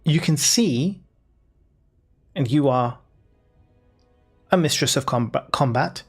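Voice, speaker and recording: A man narrating as dungeon master in a casual tabletop game, laughing often and pausing with fillers. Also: medium pitch, animated, slightly rough, soft background music. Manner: laid-back, laughing, lots of fillers. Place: home, live stream.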